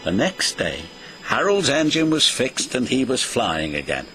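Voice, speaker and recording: A man narrating a children's storybook in an expressive, sing-song way. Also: medium pitch, a little slow. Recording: music behind the voice.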